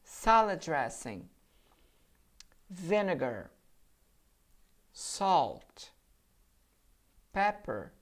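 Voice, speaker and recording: A woman's voice: low-pitched, very animated, drawn-out words, long pauses. A woman with a Brazilian Portuguese accent, teaching English vocabulary in a pronunciation drill, carefully modeling each word for students to repeat. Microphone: handheld or desk microphone.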